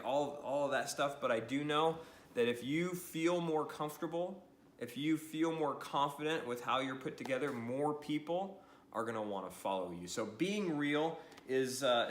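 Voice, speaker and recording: Speaking to the camera, an energetic man runs a social media training session, animated and cheerful, frequently laughing and tacking "right?" onto his lines. His pitch sits in the middle, and the sound is reverberant.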